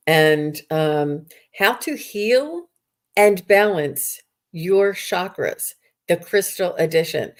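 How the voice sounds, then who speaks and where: A woman with a fairly low voice hosts a live online workshop. She chats in a loose, friendly flow and reads out viewer comments. She fills her pauses with ums. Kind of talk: casual live-stream chat.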